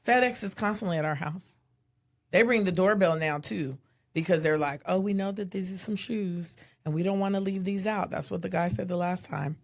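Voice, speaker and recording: A woman in her thirties co-hosts a casual podcast, telling stories with lots of animation. She jumps into a higher voice to act out what people said. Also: normal speed. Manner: animated storyteller, acts out quotes in a high voice. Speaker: podcast co-host. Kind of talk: casual chat.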